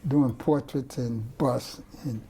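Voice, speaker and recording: A man's voice: mid-range voice, fairly even intonation, slow pace, mellow, a little hiss or hum. An older man, an artist, telling rambling stories with many restarts in an oral-history interview, speaking indoors among his artworks. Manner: rambling, digressive storyteller with restarts.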